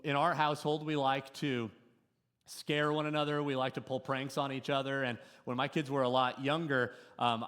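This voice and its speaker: A middle-aged man preaching a sermon to his congregation, telling a story with sudden swings between loud and soft. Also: medium pitch. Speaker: pastor. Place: church service before a congregation.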